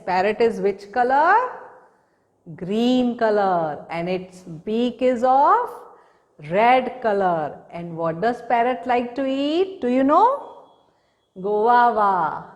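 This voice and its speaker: A woman's voice: on the high side, long reverb tail. A woman teaching a recorded lesson to small children, patiently asking questions and repeating the answers. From India. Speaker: preschool teacher.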